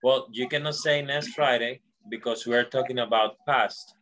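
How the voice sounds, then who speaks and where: A man's voice: mid-range voice, fairly even intonation, moderate pace, fairly bright tone. A man teaching an online English lesson, patiently correcting a student and encouraging them. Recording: noisy line with clicks.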